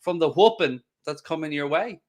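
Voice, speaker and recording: A man's voice: a little high, animated, moderate pace, a little mellow. A young English man hosting a casual football watchalong, chatty and teasing, reading viewer messages aloud. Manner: teasing, chatty, reads super chats. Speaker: host.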